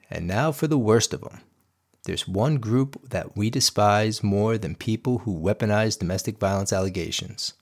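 A middle-aged man hosting a podcast, reading a scripted monologue in a blunt, emphatic way with crude language. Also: lowish voice. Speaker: podcast host.

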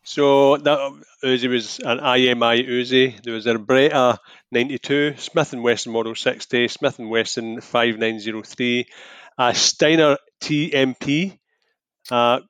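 A man's voice: medium pitch, fairly even intonation, measured pace, a bit bright, smooth, dry recording. A man co-hosting a podcast, laid-back and saying "aye", listing film facts. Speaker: podcast co-host. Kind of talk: casual film chat.

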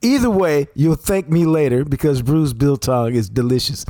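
A man co-hosts a sports podcast, casually talking sports and reading ads in a blunt, emphatic, slang-heavy way. His slightly high voice has a dark tone at a moderate pace, recorded dry with studio quality.

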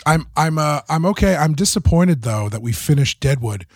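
A man co-hosting a podcast in casual, joking chat. His husky voice swings widely in pitch, and the close mic gives it a dry, roomless sound. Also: lively intonation, moderate pace, darkish tone, dry recording. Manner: wry, joking. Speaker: podcast co-host.

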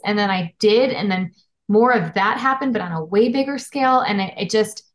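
A woman's voice: medium pitch, moderate pace. A woman publisher as a podcast guest, telling personal stories earnestly and candidly. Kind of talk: casual interview chat.

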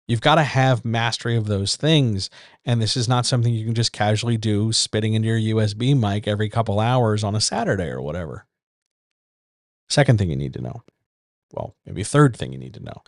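A man's voice: lowish voice, no echo, studio quality. A man hosting a casual writers' chat from a small home room, bluntly lecturing with rhetorical questions. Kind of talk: casual advice monologue. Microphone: decent USB-style desk microphone.

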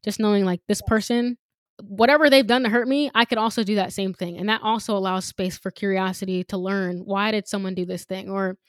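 A woman co-hosting a podcast, sharing her thoughts in a relaxed, reflective way and working out her ideas as she speaks. Her voice is mid-pitched and sounds dry and close, with no room echo. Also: fairly quick, hardly any pauses. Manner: reflective, thinks aloud with light laughs. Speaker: podcast co-host. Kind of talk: casual chat.

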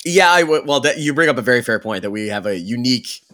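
An animated man co-hosting a casual podcast. His pitch swings widely as he rants, full of fillers and mocking asides. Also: fast talker. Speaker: podcast co-host. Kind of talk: casual chat.

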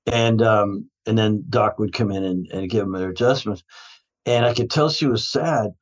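A man's voice: lowish voice, moderate pace, dull audio. A man who is a guest in a casual interview, telling stories about his health practice in a rambling way, often restarting his sentences and laughing.

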